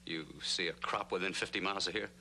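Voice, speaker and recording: An actor playing an anxious homesteader and family man who speaks slowly and pleadingly, in an old TV western. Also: sits low, fairly even intonation, creaky, bright, forceful tone, a little hiss or hum, full character voice. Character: worried male homesteader, husband and father. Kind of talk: 1960s TV western acting.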